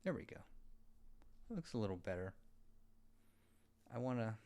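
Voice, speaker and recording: A man's voice: fairly low pitch, very animated, moderate pace, a little mellow. A man thinking aloud and muttering to himself as he designs a web page in a casual screen-recording tutorial.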